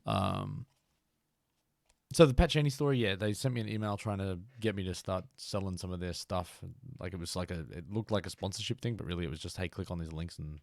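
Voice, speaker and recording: A man's voice: low-pitched, very animated, a little fast, creaky, a little mellow, no echo, studio quality. A man, chatting casually on a live stream while he plays, often laughing and repeating words.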